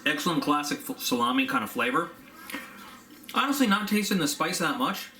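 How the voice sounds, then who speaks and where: Talking a little fast in a high-leaning, sing-song voice with a sharp tone, a man rambles through a casual unboxing review, filling gaps with fillers and occasionally chewing as he speaks. The room echoes, with a faint hum underneath.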